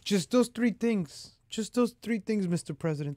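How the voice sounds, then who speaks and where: A man's voice: sits high, lively intonation, moderate pace, mellow, no echo, clean studio sound. A man hosting his own political commentary vlog, talking straight to his viewers in a heated, repetitive rant. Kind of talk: ranting opinion vlog.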